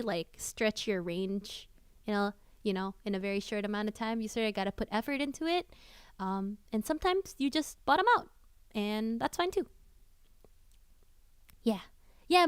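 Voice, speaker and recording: A woman's voice: on the high side, smooth, no room sound. A woman VTuber streamer giving casual singing tips to her chat, loose and full of fillers. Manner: chatty, loose, many fillers and restarts. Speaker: VTuber streamer and cover singer.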